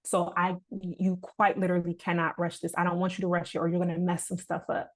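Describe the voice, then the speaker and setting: A young woman with a lowish voice talks as a podcast guest. She is earnest and reflective, and she keeps coming back to motivational points in a relaxed, conversational way. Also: fairly quick.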